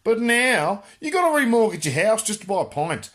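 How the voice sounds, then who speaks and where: A man's voice: high voice, sing-song, moderate pace, a bit bright. A man with an Australian accent hosting a crude comic monologue, answering viewer questions in a brash, boisterous way and laughing at his own jokes.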